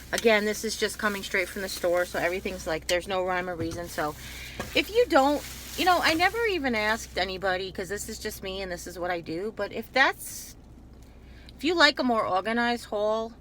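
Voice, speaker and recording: Bright-voiced chatty woman vlogger. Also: mid-range voice, a little hiss or hum. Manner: chatty, digressive, self-interrupting. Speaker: YouTube haul vlogger. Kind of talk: casual rambling haul video.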